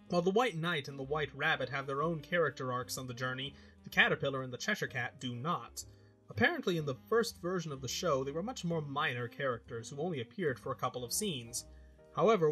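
A man's voice: fairly high pitch, bright, forceful tone. A man hosting his own show, narrating a scripted review with an emphatic, opinionated delivery.

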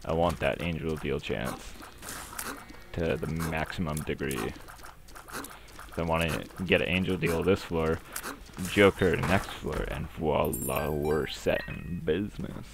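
Young man, gaming commentary, deep, slow, rambling, profane, background noise. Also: vocal fry. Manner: rambling, swears a lot, filler-heavy. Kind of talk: casual gameplay commentary. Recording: noisy home recording.

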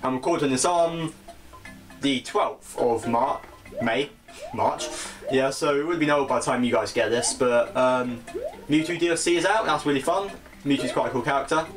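A young man with a British accent talks his way through a video game in a loose, self-mocking style. His pitch sits mid-range, and lively game music plays clearly behind him. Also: moderate pace. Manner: chatty and self-mocking, laughs at his own mistakes. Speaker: gaming channel host. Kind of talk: casual let's-play commentary.

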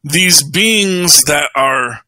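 Brief: male podcast host, animated and bright, rambles with restarts and laughs, dry sound. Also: on the high side, extremely slow, no echo, poor audio. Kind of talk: casual chat, film review.

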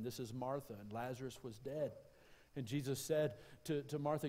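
A man's voice: mid-range voice, fairly even intonation, brisk, mellow. A man giving a sermon as a pastor in a church, talking conversationally and repeating his phrases. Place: church auditorium. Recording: live church sermon with long reverb.

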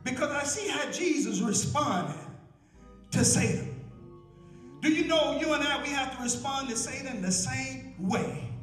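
A man preaching a sermon in a church, shouting in a rhythmic cadence full of hallelujahs, heard from far off in an echoey room. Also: very high voice, lively intonation, unhurried, soft background music. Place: church sanctuary.

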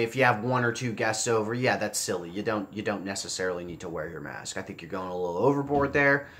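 A man's voice: medium pitch, fairly bright tone. A man giving casual commentary, blunt and profane, with a sarcastic edge, often repeating phrases for emphasis. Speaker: political commentator.

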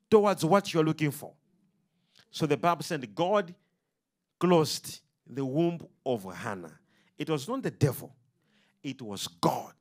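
Guy preaching a sermon, high pitched, keeps asking the crowd questions, really animated.

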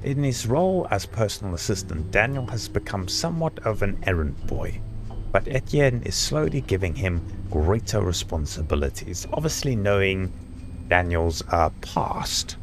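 A man doing gaming commentary, sarcastic and swearing, reading game text aloud haltingly. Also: low voice, big pitch swings. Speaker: let's play host. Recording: game music behind.

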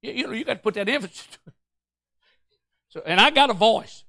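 A male pastor with a high, creaky voice preaches a storytelling sermon in church at a brisk pace. He's animated, acting out quotes and calling out to the congregation in Pentecostal style, captured in a dry, studio-quality recording.

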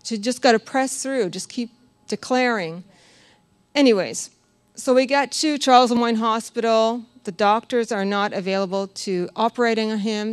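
A woman giving a personal testimony at a church service, telling her story in a lively way, laughing often and acting out what others said. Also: mid-range voice, smooth, no echo. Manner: animated storytelling, laughs often, quotes others in acted voices. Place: church sanctuary.

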